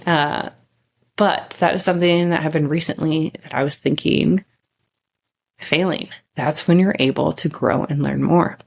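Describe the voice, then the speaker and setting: Woman podcast host with a low voice, chatty and candid, swears casually while telling a story. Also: steady tone, measured pace, creaky, husky.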